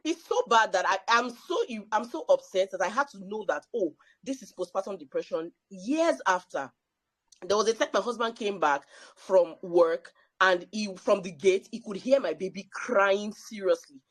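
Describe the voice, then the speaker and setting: A woman's voice: medium pitch, expressive, normal speed, fairly bright tone, no echo. A woman sharing a personal story at a panel, emphatic and repeating phrases for effect. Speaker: panel speaker.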